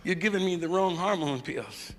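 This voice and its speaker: A man's voice: high-pitched, moderate pace, lightly acted. A comedian voicing a middle-aged woman patient who complains indignantly, barely changing his own voice, on a noisy live nightclub tape.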